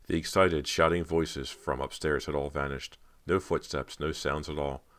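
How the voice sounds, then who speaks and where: A man narrating a horror audiobook in a measured, dramatic way. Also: rumbling low, fairly even intonation, a bit bright.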